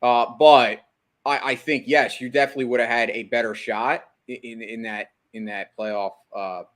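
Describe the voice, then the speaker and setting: A man's voice: mid-range voice, fairly even intonation, moderate pace, a bit bright. A man co-hosting a sports podcast in casual chat, stammering and often opening with a repeated "I". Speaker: podcast co-host.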